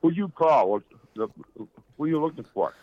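A man's voice: fairly high pitch, animated, normal speed, mellow, no room sound, lo-fi sound. A man answering a prank call, confused and suspicious, asking who is calling. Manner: confused, suspicious, asks repeatedly.

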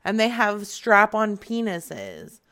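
A woman's voice: mid-range voice, big pitch swings, slow pace, fairly bright tone. A young adult woman making a prank phone call, brash and teasing, laughing often. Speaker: prank caller.

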